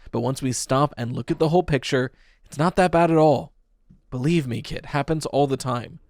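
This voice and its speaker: A man's voice: mid-range voice, moderate pace, a little mellow, dry recording, clean studio sound, pitched above the performer's own voice, close to an everyday voice. Man doing a soothing, concerned teacher. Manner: soothing, reassuring. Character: calm concerned male teacher.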